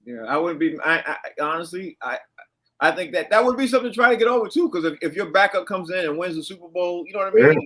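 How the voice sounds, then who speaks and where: Man, sports show host, high bright voice, chatty and quick to laugh. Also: lively intonation. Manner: chatty, laughs easily, tosses questions to co-hosts. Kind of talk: casual sports talk.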